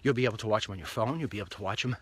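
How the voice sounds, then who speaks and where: A man's voice: lowish voice, racing, a bit bright, slightly rough, dry recording. A man hosting his own online show, chatting in a rambling, upbeat way while walking outdoors along a street. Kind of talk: casual walk-and-talk monologue.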